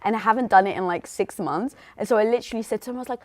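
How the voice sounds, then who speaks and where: A woman's voice: mid-range voice, very fast, a little mellow, no echo, clean studio sound. A woman from Greece co-hosting a live stream, chatting casually, laughing easily and reading viewer comments aloud.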